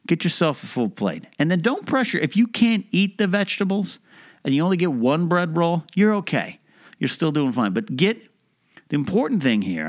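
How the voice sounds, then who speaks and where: Man giving mock-serious comedic advice. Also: medium pitch. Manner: mock-serious, animated, rhetorical asides. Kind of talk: casual comedic monologue.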